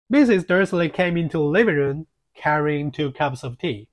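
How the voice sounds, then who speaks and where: A man narrating an audiobook in a measured reading, with occasional filler slips. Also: on the high side, lively intonation.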